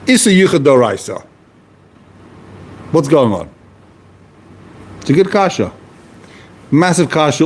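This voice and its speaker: A man's voice: fairly high pitch, darkish tone, breathy edge. A man teaching a text class, posing questions and answering them, repeating key phrases as he explains. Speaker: Talmud teacher. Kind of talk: lively explanatory lecture.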